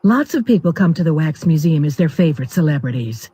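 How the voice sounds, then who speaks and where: A woman voicing a sultry, scheming cartoon villainess with a smooth, coaxing delivery in a web cartoon. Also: sits low, big pitch swings, quick pace.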